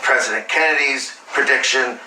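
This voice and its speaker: An actor playing a hesitant man who tells a story haltingly with many pauses and restarts. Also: medium pitch, recorded from a distance, background noise, close to an everyday voice. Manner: halting, full of fillers and restarts. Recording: roomy and off-mic.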